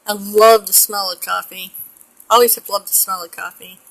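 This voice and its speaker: A woman's voice: medium pitch, steady tone, moderate pace, creaky, a bit bright, rough recording. A middle-aged woman from the United States chatting in a rambling way while she paints a pet portrait, often laughing. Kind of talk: casual chat while painting.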